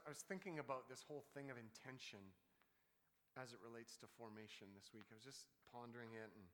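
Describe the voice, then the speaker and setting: A man's voice: lowish voice, a bit bright. A man preaching a sermon as pastor, earnest and repeating words when emphatic. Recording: long hall reverb.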